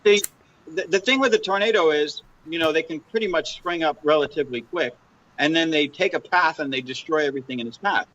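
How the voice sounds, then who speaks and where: A man's voice: fairly high pitch, quick pace, a bit bright, muffled recording, a little hiss or hum. A man in his fifties co-hosting a casual podcast, explaining things in a chatty way with frequent restarts. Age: 50s. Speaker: podcast co-host.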